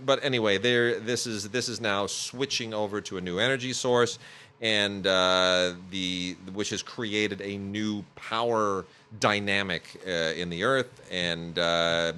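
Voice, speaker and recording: A man's voice: deep voice, bright, forceful tone, clear, resonant tone. A man hosting a podcast, chatting casually through home video reviews with plenty of fillers and restarts. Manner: rambling, many fillers and restarts.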